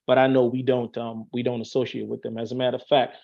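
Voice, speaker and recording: A man's voice: medium pitch, level tone, fast, gravelly, highs cut off. A man explaining things in casual chat, earnest and stopping to restart his sentences often. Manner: earnest, thinks aloud with many restarts and fillers. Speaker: Masonic officer, guest on an online show.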